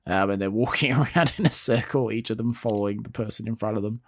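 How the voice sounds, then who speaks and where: A man's voice: on the low side, fast talker, dry recording. A man co-hosting a podcast, telling the story with easy laughs. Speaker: podcast co-host. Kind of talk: casual chat.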